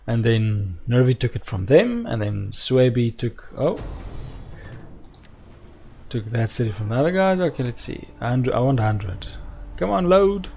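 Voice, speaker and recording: A gameplay video host comments on his own strategy game as he plays, speaking to himself and his viewers in a mellow, medium-pitched voice with vocal fry. He sounds exasperated and keeps asking aloud why things aren't working.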